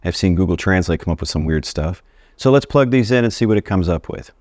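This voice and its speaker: A man with a low voice gives a casual video lesson on Spanish grammar and talks straight to his viewers in a friendly, chatty way. The sound is dry and close, with no room in it. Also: expressive, fast, a little mellow, no room sound. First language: English. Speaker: Spanish teacher.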